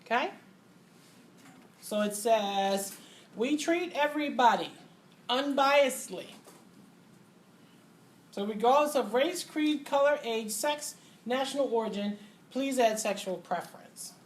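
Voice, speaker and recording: A middle-aged woman teaching a physical therapy class, lively and joking, acting out little voices and asides as she lectures. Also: on the high side, slow pace, long pauses. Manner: animated, acts out voices and asides, laughs often. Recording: faint background noise.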